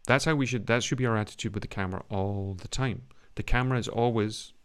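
A British acting coach giving a scene critique in class. His voice sits fairly low, and he talks in an animated, emphatic way, often acting lines out to make a point. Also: quick pace, clear, resonant tone. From Britain.

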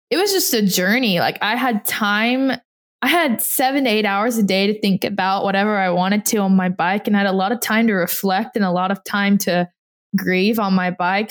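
Chatty young woman telling a story. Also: mid-range voice. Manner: chatty, quotes people in little voices, laughs often. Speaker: guest. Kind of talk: casual chat.

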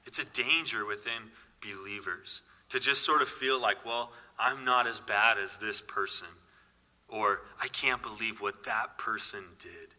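Bright-voiced male pastor preaching in a hall. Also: fairly low pitch, a little slow. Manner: earnest, conversational preaching with restarts and emphatic repetition. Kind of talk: sermon. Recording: reverberant hall.

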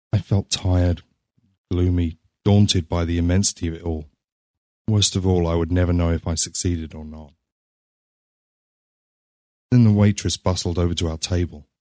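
Deep-voiced man narrating a story. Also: steady tone, normal speed, pauses often, a little mellow, dry recording, clean studio sound.

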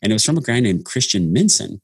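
A man's voice: fairly low pitch, sing-song, fast, gravelly, husky, no echo, clean studio sound. A man talking earnestly about his path into breath work in a casual podcast conversation, with many restarts. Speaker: breathwork facilitator, podcast guest.

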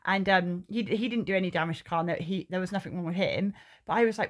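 A woman's voice: on the low side, quick pace. A woman, a podcast co-host telling stories in casual chat, swearing freely. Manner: swears a lot, tells stories animatedly.

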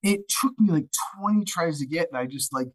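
A man's voice: on the high side, animated, brisk, dry recording, low-quality recording. Chatty male audiobook narrator. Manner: rambling storyteller, acts out quoted exchanges. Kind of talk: casual interview chat.

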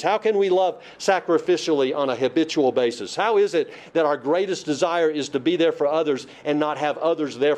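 Emphatic male preacher, slightly high voice. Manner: emphatic, repeats key phrases, asks and answers his own questions. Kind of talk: sermon.

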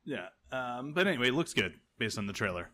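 A man's voice: medium pitch, big pitch swings, brisk, sharp tone. A man co-hosting a casual podcast chat, rambling with lots of fillers and laughing often. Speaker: podcast co-host.

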